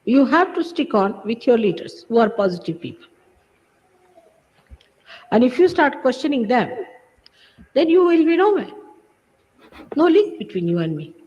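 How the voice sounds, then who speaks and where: A woman's voice: fairly high pitch, big pitch swings, normal speed, pauses often, darkish tone. A woman giving a recorded spiritual lecture, emphatic and scolding, firing off rhetorical questions. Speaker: spiritual teacher. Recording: archival lecture with hall reverb, dull sound.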